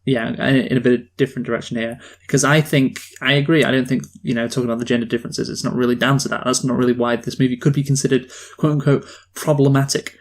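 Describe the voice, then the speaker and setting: A man co-hosting a casual film review podcast, asking questions and making his points in a measured way. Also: mid-range voice, flat delivery.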